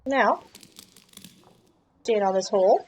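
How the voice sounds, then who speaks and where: A woman's voice: medium pitch, takes it slowly, a little mellow, slight background noise, low-quality recording. A woman giving chatty, playful commentary while playing a video game, joking and exclaiming at surprises. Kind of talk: casual game playthrough commentary.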